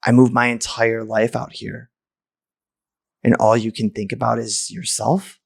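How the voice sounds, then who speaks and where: A man in his thirties telling a painful story from his own life. He speaks candidly and with raw feeling, often stumbling and restarting his words. His pitch sits in the middle of the usual range for a man. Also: flat delivery, a little slow, vocal fry, breathy edge. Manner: candid, emotional, with restarts and stammers. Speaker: podcast host. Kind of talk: personal storytelling.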